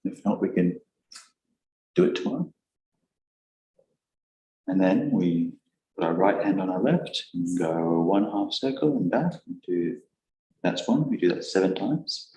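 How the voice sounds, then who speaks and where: Low-voiced calm male meditation guide. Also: a little slow, pauses often. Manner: calm, gentle, repetitive instructions. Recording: echoey room.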